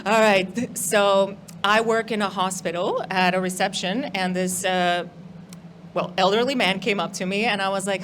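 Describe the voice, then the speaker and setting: A woman's voice: medium pitch, steady tone, measured pace. A woman from Europe with an American-sounding accent, a guest comedian telling a story in a casual, playful way. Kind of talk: stand-up storytelling. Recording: audible background noise.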